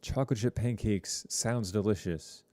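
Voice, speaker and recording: A man who teaches high school TV production chats casually with students on a live stream, warm-toned and at normal speed, with lots of fillers and rambling asides. There's no room sound.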